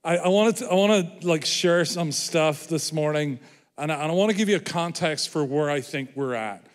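In the echoing hall of a church, an Irish man with a fairly high voice delivers a sermon at normal speed. He pokes fun at himself, joking with the congregation in a self-deprecating manner.

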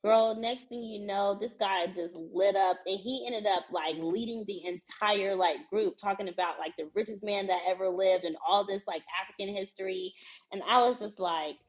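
Woman from the US, mid-pitched podcast guest, lively storyteller who acts out every line of dialogue. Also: normal speed, low-quality recording. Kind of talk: casual chat, storytelling.

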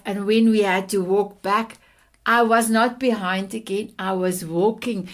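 A woman's voice: mid-range voice, steady tone, a little slow. A woman in her fifties from South Africa with a South African accent and Afrikaans as her first language, telling her personal story as a podcast guest in a heartfelt, affectionate way. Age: 50s. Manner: heartfelt, affectionate, repeats endearments.

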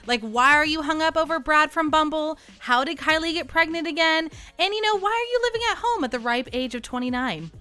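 A woman's voice: high voice, expressive, brisk, few pauses, bright, forceful tone. A woman giving a playful, gossipy podcast intro. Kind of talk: recorded show intro over music.

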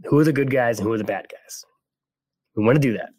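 A young man from California with a General American accent, co-hosting a casual podcast and rambling with quick restarts. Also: mid-range voice, darkish tone, dry recording. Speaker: podcast co-host.

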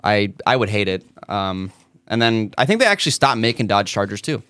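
Rambling casual podcast co-host, dry mic. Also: male voice, lowish voice, lively intonation, fairly quick, fairly bright tone, clean tone, no room sound. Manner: rambling, hedging with fillers. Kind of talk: casual chat.

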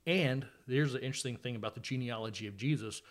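A podcast host with a fast, mid-range voice chats casually about scripture with a guest. He's conversational, dropping fillers and the occasional bit of dry sarcasm in this relaxed Bible study talk.

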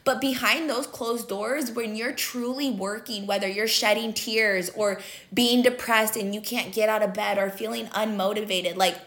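A woman's voice: mid-range voice, steady tone, moderate pace, fairly bright tone. A young woman talking earnestly about personal growth, emphatic and casual, with lots of fillers. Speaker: motivational speaker. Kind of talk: casual motivational talk.

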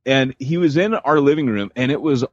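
European male podcast co-host, husky, loose rambling delivery, dull dry recording. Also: mid-range voice, brisk, no echo. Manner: rambling, loose, full of fillers. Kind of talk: casual chat.

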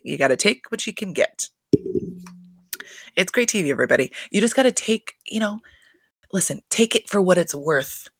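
A woman recapping a reality show in casual, animated chat, swearing freely and laughing often. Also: fairly low pitch, vocal fry, dry recording. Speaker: reality TV commentator.

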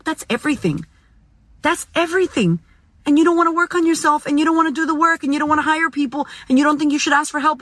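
A woman's voice: sits high, fairly bright tone, no room sound. Blunt, foul-mouthed woman giving a pep talk. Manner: blunt, profane, emphatic. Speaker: motivational speaker. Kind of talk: motivational monologue. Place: in her car.

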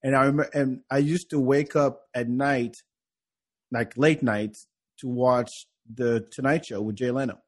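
A man's voice: medium pitch, steady tone, measured pace. A man with a French accent, English not his first language, hosting a casual podcast chat and talking in rambling bursts with many restarts. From France. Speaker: podcast host.

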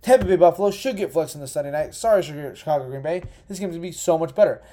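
A man's voice: on the high side, quick pace, warm tone. A young man hosting a casual solo sports podcast, rambling through picks, cursing and correcting himself, on uneven home audio. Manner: rambling, profane, self-correcting. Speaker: podcast host.

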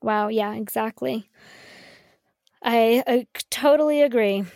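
A woman's voice: fairly high pitch, unhurried, creaky, darkish tone, no room sound. A woman hosting a podcast, talking casually with many fillers and reading quoted passages aloud. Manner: conversational with frequent fillers, laughs lightly. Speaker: podcast host.

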